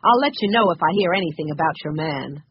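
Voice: medium pitch, animated, fast, dull audio, a little hiss or hum, close to an everyday voice. A reader doing a hearty old storekeeper. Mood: friendly. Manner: hearty, helpful. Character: friendly country storekeeper, older man.

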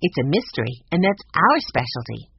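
A reader voicing a quiet, shy girl in an audiobook, soft and hesitant. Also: mid-range voice, sing-song, moderate pace, gravelly, breathy edge, no echo, heavily acted. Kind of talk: audiobook character voice. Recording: dull lo-fi audio.

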